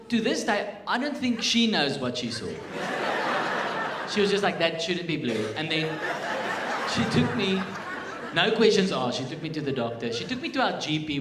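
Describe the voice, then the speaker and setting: A South African man in his thirties doing a stand-up set on a theatre stage, telling a story with animated swings in volume. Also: sits high, normal speed. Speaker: stand-up comedian. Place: theatre stage, live audience. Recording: live theatre recording with hiss.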